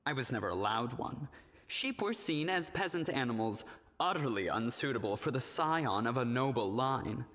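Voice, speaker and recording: An actor playing a haughty, decadent noble count in a video game, with a drawling, arch delivery. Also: male voice, medium pitch, expressive, normal speed, a bit bright, in a large hall, close to an everyday voice. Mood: mock tragic. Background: game music.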